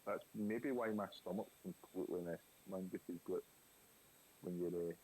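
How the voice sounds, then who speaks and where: A man's voice: low voice, moderate pace, darkish tone, low-quality recording. A man with a Scottish accent chatting casually on a live drawing stream, rambling through stories with many fillers. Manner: rambling anecdotes with lots of fillers and laughs. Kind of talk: casual chat. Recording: faint hiss.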